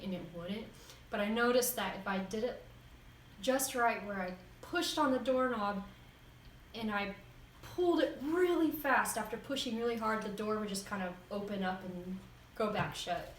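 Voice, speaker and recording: A woman tells a story in a lively, casual way, breaking into laughter often. She sits some way back from the microphone in a roomy, echoing room. A faint hiss hangs under her voice. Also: medium pitch, normal speed. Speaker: vlogger. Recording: roomy echo, distant mic, faint noise.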